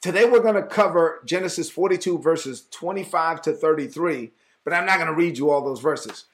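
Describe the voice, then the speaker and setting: A man with a high voice preaches an informal Bible teaching. He talks straight to his listeners in a conversational, lively way, and he acts out the people in the story as he goes. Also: brisk. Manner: conversational, animated, acts out dialogue. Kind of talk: casual sermon teaching.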